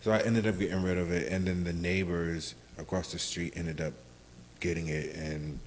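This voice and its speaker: Deep-voiced man telling stories. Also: moderate pace, a little hiss or hum, low-quality recording. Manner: relaxed storytelling, many fillers. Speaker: podcast co-host. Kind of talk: casual chat.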